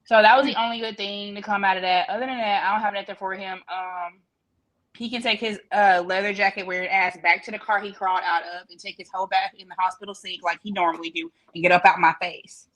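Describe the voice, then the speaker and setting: A sassy woman co-host tears into soap characters in blunt, profane casual chat. Her voice is bright and forward, at a middle pitch for a woman, and she keeps her delivery loose and conversational. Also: fairly even intonation, fast. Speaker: podcast co-host.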